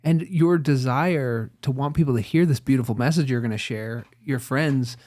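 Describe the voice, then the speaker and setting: A man's voice: medium pitch, moderate pace, warm tone. A man hosting an interview as a therapist, affirming and reframing his guest's thoughts. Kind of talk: supportive interview conversation.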